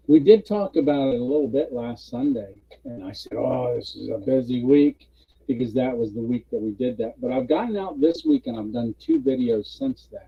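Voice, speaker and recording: A man chatting casually on a live stream, telling a funny story with lots of laughter and quick character voices. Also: vocal fry, slightly rough. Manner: animated storyteller, puts on high voices for characters, laughs often. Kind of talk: casual chat, retelling a comic bit. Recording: dull lo-fi stream audio.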